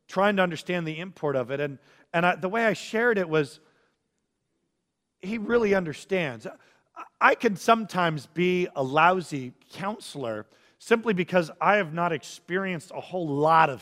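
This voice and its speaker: High-voiced pastor preaching in a reverberant hall. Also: male voice, fairly bright tone. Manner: earnest, acts out quoted feelings. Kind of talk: sermon.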